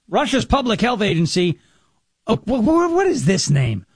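Sarcastic high-voiced man riffing on news. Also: huge pitch swings, moderate pace, slightly rough, no echo, clean studio sound. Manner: sarcastic, jokey asides; stumbles over words, restarts. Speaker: commentator reading news. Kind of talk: casual news commentary.

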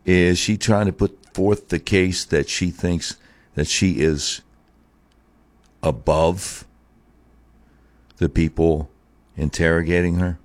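A man's voice: sits low, fairly even intonation, takes it slowly, long pauses, no room sound. A man hosting a political talk show, giving opinionated commentary between played clips. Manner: opinionated, drawling, mocking asides. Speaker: radio talk host.

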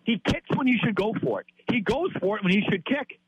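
A man's voice: high voice, expressive, brisk, slightly rough, poor audio. A man in his fifties from Wisconsin, ranting in heated sports talk, exasperated and repeating himself. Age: 50s.

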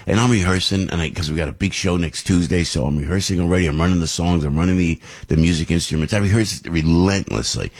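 Husky older man rambling on the radio. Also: deep voice, quick pace, few pauses. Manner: rambling, animated storytelling. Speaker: radio host. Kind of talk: casual radio monologue.

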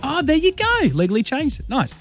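Aussie radio guy with a high voice, playful banter, cutting in a lot. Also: huge pitch swings, brisk, faint music behind. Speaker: radio host.

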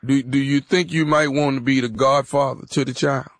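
A man hosting a radio prank call, talking in a deadpan, provoking way while feigning concern. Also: medium pitch, a little fast, dry recording, studio quality.

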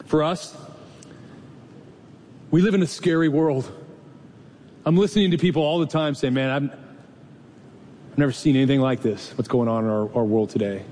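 A man's voice: lively intonation, moderate pace, pauses often, a little mellow. A man preaching a sermon as pastor, in a conversational, storytelling way with rhetorical questions. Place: church sanctuary. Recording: long reverb hall, faint rumble.

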